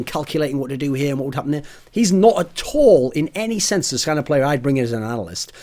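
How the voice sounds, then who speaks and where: A man's voice: medium pitch, a little mellow. A man giving an opinion monologue as an esports commentator, blunt and casual, with swearing and rambling asides.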